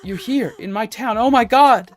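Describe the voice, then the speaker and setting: A man's voice: high-pitched, lively intonation, normal speed, voice pushed up. A man voicing a squealing starstruck young woman. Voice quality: squealing, gushing. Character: wildly excited young woman fan.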